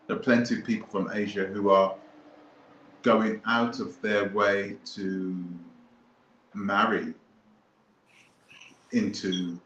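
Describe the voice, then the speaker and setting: A man with a lowish, fairly bright voice hosts a live stream, rambling casually and driving his points home through repetition. The sound is echoey, like a bare room, and slightly muffled.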